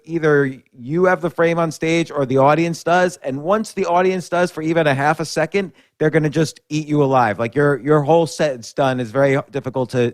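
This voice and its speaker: A man hosting a podcast interview, speaking in a reflective, halting way with frequent restarts. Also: a little high, dry recording, clean studio sound. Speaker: podcast host. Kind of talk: casual conversational interview.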